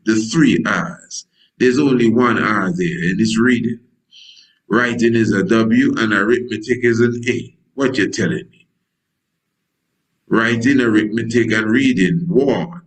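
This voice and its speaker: Slow low-pitched preacher guy, rambling folksy sermon with wordplay, acts out bible bits. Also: poor audio. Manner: acts out biblical dialogue in voices. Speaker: priest.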